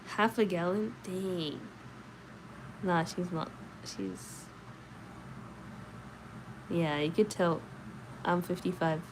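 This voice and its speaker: A woman's voice: on the low side, background noise. Sleepy woman reading aloud late at night. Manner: sleepy, chatty, answers chat comments. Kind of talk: late-night read-aloud and casual chat.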